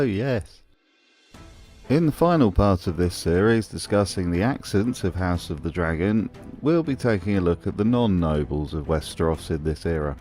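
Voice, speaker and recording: Man, dry mocking humour, lowish pitch, soft music behind. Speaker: video essay host. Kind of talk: scripted commentary.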